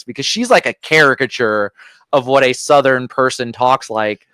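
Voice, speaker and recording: Opinionated man ranting with smooth voice. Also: mid-range voice, normal speed, a bit bright, dry recording. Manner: opinionated, ranting with frequent fillers. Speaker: podcast co-host. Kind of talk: casual movie review chat.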